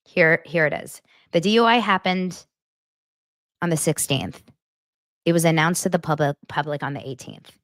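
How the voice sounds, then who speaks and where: A woman's voice: low voice, moderate pace, pauses often, a bit bright, dry recording, studio quality. A woman hosting a casual gossip show, chatting and reading out text messages, often stopping to correct herself. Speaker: podcast host.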